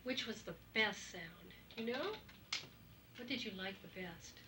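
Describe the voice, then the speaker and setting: A woman's voice: fairly high pitch, animated, moderate pace. Curious woman clinician, noisy recording. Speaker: clinician interviewing a parent. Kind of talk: casual interview. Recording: noisy old video recording.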